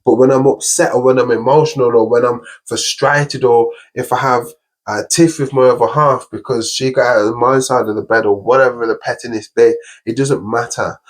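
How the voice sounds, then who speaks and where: A man's voice: mid-range voice, fairly even intonation, a little fast. A young man hosting a podcast, talking earnestly and upbeat in casual conversation, often running through long lists. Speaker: podcast host.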